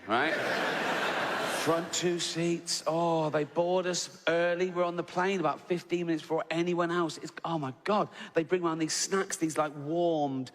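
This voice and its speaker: English comedian on stage, booming hall. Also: male voice, a bit bright. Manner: conversational, keeps checking in with "right?"; swears freely, acts out exasperated little scenes. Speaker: stand-up comedian. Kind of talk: stand-up comedy routine. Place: large theatre on stage. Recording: live hall with long reverb, faint ambience.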